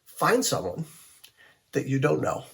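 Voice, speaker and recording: A male pastor giving a conversational sermon-style teaching talk, telling stories with lively acted-out quotes. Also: medium pitch, a little slow, creaky, breathy edge.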